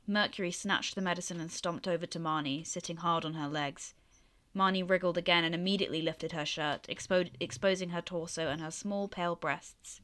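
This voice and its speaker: A woman reading her own story aloud in a steady, even voice, then chatting about it. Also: fairly low pitch. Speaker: author and reader.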